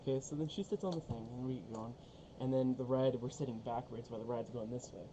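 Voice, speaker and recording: A man's voice: mid-range voice, fast, background noise. A young man telling a story casually on a vlog, profane and rambling, full of fillers and swearing.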